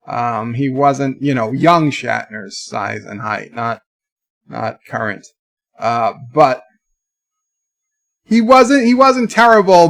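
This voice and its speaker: Rambling animated male livestream host. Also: on the high side. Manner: rambling, animated storytelling, reads chat aloud. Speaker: live stream host. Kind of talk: casual livestream chat.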